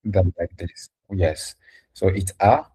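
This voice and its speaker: A man's voice: low-pitched, steady tone, slow pace, mellow, slightly rough. A man whose first language is French, patiently teaching French letters and sounds in English during a live lesson.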